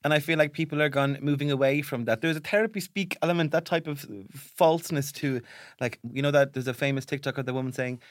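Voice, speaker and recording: A man's voice: a little high, fast, no room sound, clean studio sound. A man, co-hosting a casual chat podcast and telling rambling, self-mocking stories. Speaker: podcast co-host.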